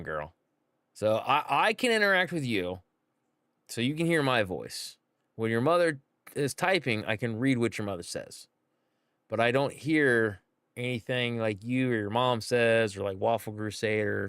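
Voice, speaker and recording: A man's voice: fairly low pitch, fairly bright tone, clear, resonant tone, dry recording. Chatty rambling man streamer, dry sound. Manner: rambling, chatty, frequent fillers and acted-out quotes. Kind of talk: casual livestream chat to viewers.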